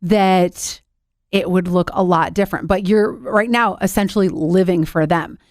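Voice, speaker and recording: A woman's voice: fairly low pitch, steady tone, unhurried, a little mellow, no room sound, studio quality. A woman co-hosting a podcast in casual chat, supportive and affirming, with some teasing. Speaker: podcast co-host.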